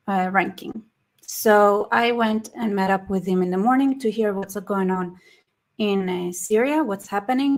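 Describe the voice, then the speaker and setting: A tired, slightly hoarse woman hosting a casual live stream, rambling with frequent restarts and reading chat comments aloud. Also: medium pitch. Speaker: livestream host.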